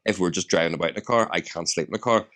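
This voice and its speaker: A Northern Irish man in his thirties tells family stories and teases his co-host. His voice sits on the low side, and the swearing comes easy. It is loose, casual podcast banter. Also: rapid-fire, a bit bright. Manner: storytelling, teasing, swears. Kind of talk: casual chat. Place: DJ studio.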